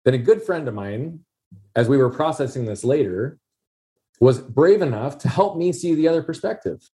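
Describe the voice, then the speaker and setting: A man's voice: medium pitch, expressive, normal speed, warm tone. A man telling a personal story in a conversation, earnest and emphatic, repeating key phrases for weight.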